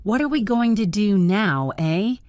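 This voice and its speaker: A hot-headed theatre director, a middle-aged man, shouting and indignant, as a woman reads him in a storybook. The recording is dry and close. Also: medium pitch, lively intonation, unhurried, dry recording, voice pushed up, close to an everyday voice. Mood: angry.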